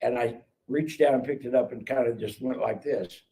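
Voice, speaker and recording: This man's mid-range voice is creaky and dark in tone, and he talks at a normal speed. As a guest, he tells his life story in a casual testimony and acts out what people said. It's a live stream call mic, distant and faintly noisy.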